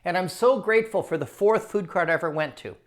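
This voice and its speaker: A man telling his own story to camera in a casual, animated way, repeating phrases for emphasis. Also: high-pitched, fast. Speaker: culinary storyteller and writer.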